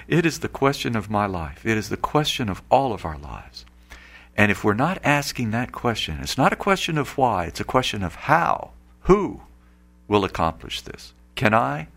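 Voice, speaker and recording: A man's voice: fairly low pitch, vocal fry, fairly bright tone. A man preaching an earnest Catholic radio sermon, rising now and then to emphatic outbursts.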